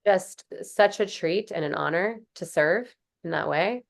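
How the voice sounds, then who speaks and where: A woman with a lowish, gravelly voice hosts a podcast, talking unhurriedly in a casual conversational interview. She is heartfelt and effusive, her sentences full of "like" and "um".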